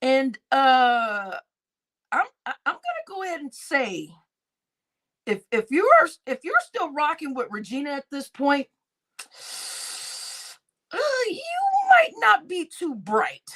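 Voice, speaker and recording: A woman commentator talks through online drama in an unhurried, drawn-out way. Her high voice swoops up and down as she laughs at her own remarks, swears casually and circles back to repeat her points. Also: very animated, fairly bright tone. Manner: laughs often, swears freely, repeats phrases. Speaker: YouTube commentator.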